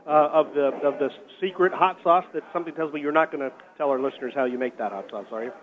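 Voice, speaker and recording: Effusive high-voiced radio host man. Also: fast talker. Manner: jokey, effusive, hypes prizes. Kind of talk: live radio food segment. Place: restaurant, live remote broadcast. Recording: phone-like narrow band.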